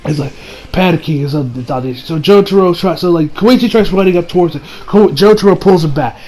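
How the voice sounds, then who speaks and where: Young man, high voice, rambling casual recap, playful, laughs between lines. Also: quick pace, warm tone, rough recording. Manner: rambling and playful, laughs often and retells scenes. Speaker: anime episode reviewer.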